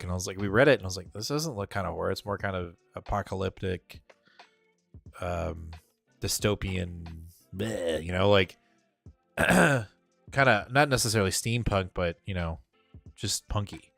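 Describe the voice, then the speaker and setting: Male co-host, lower register, casual and excitable, loose profanity, faint background music. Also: normal speed, vocal fry, dry recording. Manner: excitable, swears casually, filler-heavy. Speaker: podcast co-host. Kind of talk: casual comic book review chat.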